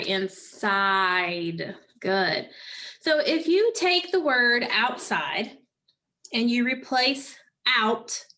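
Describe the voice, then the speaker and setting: Woman teacher, slightly high voice, slow and patient, leading a phonics drill. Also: bright, forceful tone. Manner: slow, patient prompting with pauses for answers. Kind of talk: phonics lesson to children.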